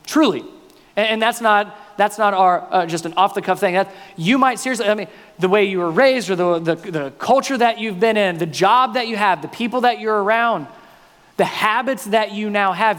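A male pastor preaching a sermon, mostly earnest and quiet, breaking now and then into loud, playful bursts. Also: high-pitched. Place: church sanctuary. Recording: long reverb in a hall, faint music.

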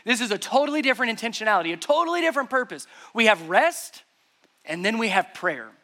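A man's voice: very high voice, very animated, fast, sharp tone. A man preaching a sermon to a congregation in an emphatic, conversational way. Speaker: pastor. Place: church service before a congregation.

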